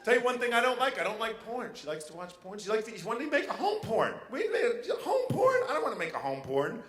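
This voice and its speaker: A male stand-up comedian performing a set in a live venue, animated and breaking into loud mock outrage. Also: high voice, quick pace. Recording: roomy live venue with faint noise.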